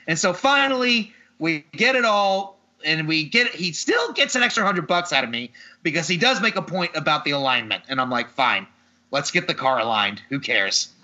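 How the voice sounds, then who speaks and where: A man on a podcast tells a story in casual chat, exasperated and freely swearing. His voice is very bright and sits a little high. The audio is slightly dull and lo-fi. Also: expressive, brisk, hardly any pauses. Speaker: podcast host.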